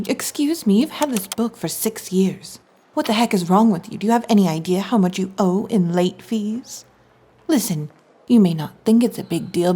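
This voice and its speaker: A young female fox spirit who guards her library, chatty and teasing, drifting into soft whispers, as a woman acts her out in a whispered role-play. Her voice is breathy and mellow rather than bright. She sounds protective and a little flustered, like a storybook kitsune keeper of books. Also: medium pitch. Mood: friendly, then scolding. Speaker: ASMR roleplay performer.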